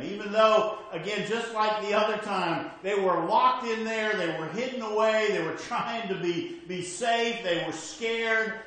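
A man preaching a conversational sermon as pastor, shifting from emphatic to hushed, with frequent restarts. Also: high voice, very echoey, poor audio.

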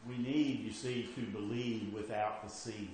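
A man preaching a conversational sermon as pastor, shifting from emphatic to hushed, with frequent restarts. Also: on the low side, fairly even intonation, measured pace, heavy reverb, a little hiss or hum, rough recording.

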